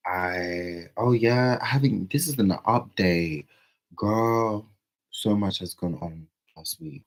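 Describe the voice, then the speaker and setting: A man chatting casually on a livestream, playful, with sudden loud outbursts. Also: lowish voice, slow pace, poor audio.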